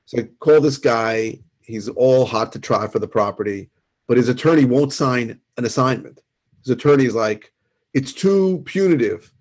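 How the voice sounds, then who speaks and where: A man co-hosting a podcast who jumps in with quick, plainspoken questions and tells his own story. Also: mid-range voice. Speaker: podcast co-host. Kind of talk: casual chat.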